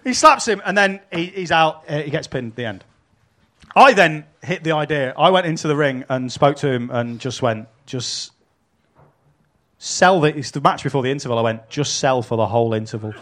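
A man hosts a live podcast before an audience. He swears freely and tells his stories with animated energy and frequent laughs. His voice sits a little high for a man. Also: moderate pace. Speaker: podcast host and wrestling promoter.

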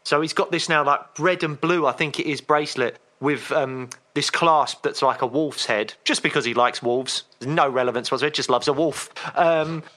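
A man with a bright, clear voice, telling a story at an easy chatty pace. His voice sits a little high for a man. He speaks casually as a podcast co-host. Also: normal speed, hardly any pauses. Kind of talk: casual chat.

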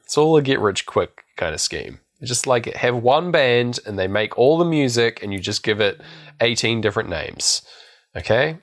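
A man's voice: mid-range voice, lively intonation, normal speed, a bit bright. A man co-hosting a podcast, recapping a film in a rambling, storytelling way and laughing often. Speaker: podcast co-host. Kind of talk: casual film recap chat.

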